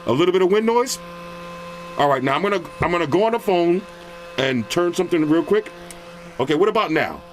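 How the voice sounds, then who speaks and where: A man's voice: high voice, lively intonation, fairly quick, long pauses, slight background noise. A man casually reviewing earbuds on his channel, chatting straight to viewers in slang. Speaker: product reviewer. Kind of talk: casual tech review vlog.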